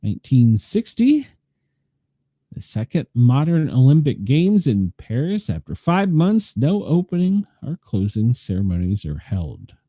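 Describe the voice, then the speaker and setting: A man's voice: medium pitch, big pitch swings, measured pace, dark tone, dry recording, studio quality. Ranting, laughing man host. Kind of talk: casual chat.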